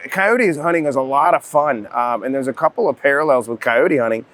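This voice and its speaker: A man's voice: mid-range voice, brisk, fairly bright tone. Southern georgia guy, middle aged, earnest folksy storytelling, kinda stumbles on his words. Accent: Southern US, North Georgia. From North Georgia, USA. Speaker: chiropractor and podcast guest. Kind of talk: casual storytelling conversation.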